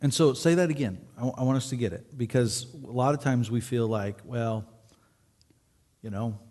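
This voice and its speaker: A male pastor hosts the talk, earnest with a joking streak. His voice sits at a middle pitch. It echoes with a long reverb through a large church hall. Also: normal speed, mellow. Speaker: pastor and host. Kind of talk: casual stage conversation in church. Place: church sanctuary.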